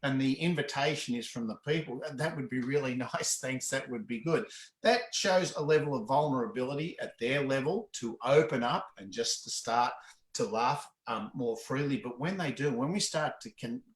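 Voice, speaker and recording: A man of middle pitch teaching laughter exercises, lively and quick to burst into hearty laughter. His voice carries a roomy echo. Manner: animated, breaks into hearty laughs. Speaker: laughter yoga facilitator. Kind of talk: explanatory demonstration in an interview.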